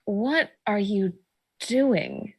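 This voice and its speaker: A woman playing a tabletop game in character, deliberate and sassy. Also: mid-range voice, animated, husky. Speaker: player.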